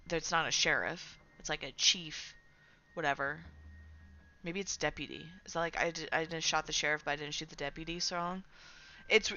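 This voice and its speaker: A woman with a low voice and sharp tone chats casually as she streams a game, ranting, swearing a lot, and using many fillers. The highs in the recording are cut off.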